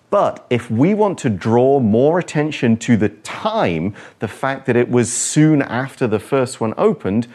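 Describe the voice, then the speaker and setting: A man's voice: mid-range voice, a little mellow. Man explaining grammar step by step. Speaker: English teacher, co-host. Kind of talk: radio English lesson.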